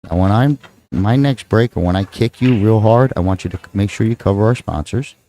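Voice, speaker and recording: A man's voice: lowish voice, fairly quick, mellow. A man with a Texan accent calling a live pool match, rambling and joking with his co-host between shots. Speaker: pool commentator. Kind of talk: live play-by-play commentary.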